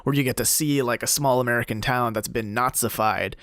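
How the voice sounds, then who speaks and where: A young man co-hosting a podcast, recapping a game's story in a relaxed way with lots of fillers. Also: medium pitch, fairly quick, dry recording, studio quality. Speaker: podcast co-host. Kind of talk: casual game discussion.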